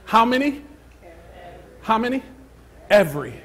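A pastor, a man with a somewhat high, husky voice, preaches in a church. He takes his time, letting phrases trail into near whispers before rising to loud, emphatic calls. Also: a little slow. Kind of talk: sermon. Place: church sanctuary.

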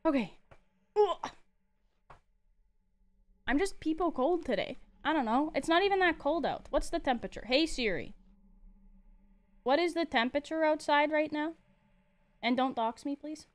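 A woman streams a video game, chatting casually and answering her chat in a giggly, talkative way, laughing often. Her voice is high and animated, with a moderate pace and long pauses.

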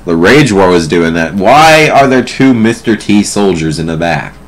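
Profane low-voiced gameplay commentator man. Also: lively intonation, low-quality recording. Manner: profane, sarcastic, quick swings to loud outbursts. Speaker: let's play commentator.

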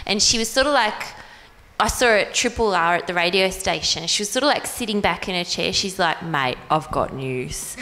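A woman's voice: medium pitch, a little fast, long reverb tail, background noise. An Australian woman comedian telling an emotional story in casual chat on a live show, laughing at herself. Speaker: comedian and podcast co-host. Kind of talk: casual comic chat before a live audience.

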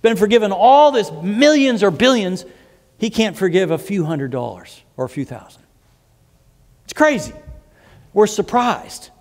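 A man preaching in a church, his voice pitched on the high side for a man as it carries through a hall with a long reverb tail. He works through scripture in a conversational way, pausing to restart phrases and add asides. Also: lively intonation, darkish tone. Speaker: pastor. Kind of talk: sermon. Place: church sanctuary.

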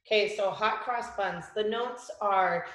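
A woman music teacher giving a children's lesson, with slow, clear, patient instructions. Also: medium pitch, fairly bright tone, echoey room.

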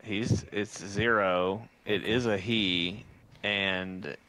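A man co-streaming a video game in casual chat, animated and swearing freely as he talks to his party. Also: lowish voice, drawn-out words.

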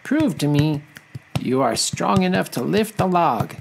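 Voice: mid-range voice, expressive, unhurried, vocal fry, noisy background, voice pushed up. A storyteller voicing a clever male mouse deer who speaks in a sly, knowing way. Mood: challenging.

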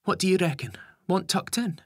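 A man voicing a caring, gently firm mother with dry wit in an audiobook. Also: high-pitched, lively intonation, normal speed, husky, no echo, voice pushed up, exaggerated voice. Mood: tender. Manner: soothing, teasing. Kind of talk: audiobook character voice.

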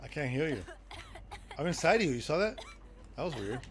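A man streaming a live game, joking with chat and breaking into loud excited shouts. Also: on the high side, fairly quick, noisy background. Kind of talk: live gameplay commentary.

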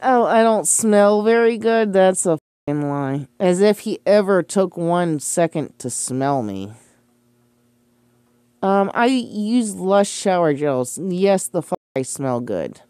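Young woman, casual rant, low-ish voice, unhurried delivery, sarcastic and profane. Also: animated, dark tone, smooth, no echo. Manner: profane, defensive, sarcastic with scoffing laughs. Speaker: streamer responding to accusations. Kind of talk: casual ranting monologue.

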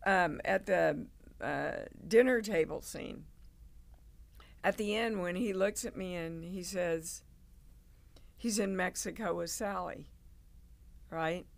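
A woman, a guest on an interview show, telling stories in an animated way and acting out the people in them. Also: fairly low pitch, takes it slowly, vocal fry, pauses often. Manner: animated, acts out quoted people. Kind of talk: casual interview storytelling.

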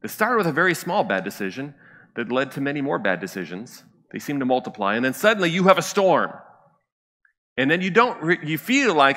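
A male pastor delivering a sermon, his bright, forceful voice carrying through a church sanctuary with a long reverb. He talks in a loose, conversational way, often turning to the congregation with a quick question. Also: on the high side, sing-song.

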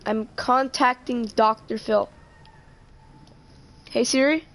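A woman's voice: fairly high pitch, steady tone, slow pace. A woman streaming a game live, chatting casually and joking, often trailing off mid-sentence.

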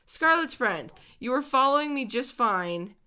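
Bright, excitable woman gaming host. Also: sits high, a little slow, clear, resonant tone. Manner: excitable, squealing and chattering to pets. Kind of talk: video game let's-play commentary.

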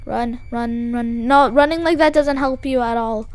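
A young woman commenting casually as she plays horror games at a computer, jumpy and quick to shriek and scream at scares. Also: fairly high pitch, clean tone. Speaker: gaming video host.

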